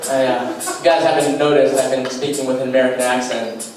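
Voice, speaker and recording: A young man doing a stand-up comedy set, delivering deadpan one-liners with self-deprecating asides on a small club stage. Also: medium pitch, fairly quick. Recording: echoey club heard from far off. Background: faint beatbox and room noise.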